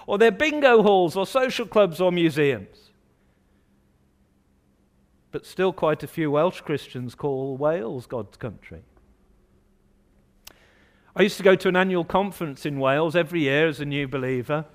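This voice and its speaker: English guy preaching in church, high voice, gets loud and punchy at times. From England. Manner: rises to loud, emphatic outbursts when voicing objections. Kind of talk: sermon.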